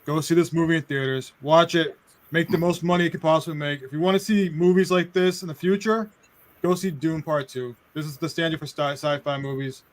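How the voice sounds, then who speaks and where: A man's voice: a little high, fairly even intonation, a little fast. A man on a live movie review stream, giving his opinion emphatically in short, punchy commands. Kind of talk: casual opinionated chat.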